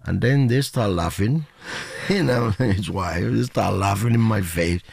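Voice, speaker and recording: This is an older man, talking with a radio host over a call. His voice sits very low, gravelly and a bit husky. He tells animated stories, acting out the quotes and laughing often. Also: measured pace, no room sound. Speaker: guest musician.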